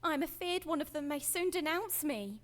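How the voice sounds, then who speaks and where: A woman's voice: high voice, expressive, a little fast. An actress playing an anxious Catholic woman who speaks in old-fashioned, formal English.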